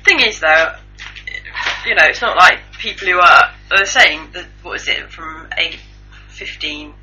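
A woman's voice: on the low side, unhurried, sharp tone, faint music behind. A woman co-hosting a podcast in casual, dry chat. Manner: chatty, dry, swears casually. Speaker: podcast co-host. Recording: dull lo-fi podcast recording.

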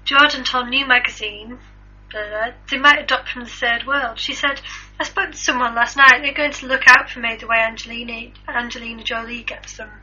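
A woman's voice: fairly high pitch, fairly even intonation, fairly quick, bright, forceful tone, breathy edge. A woman co-hosting a radio show, playful and sceptical as she reads out gossip and argues her point. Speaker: radio co-host. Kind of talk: casual chat reading out news stories. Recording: slightly dull, lo-fi sound.

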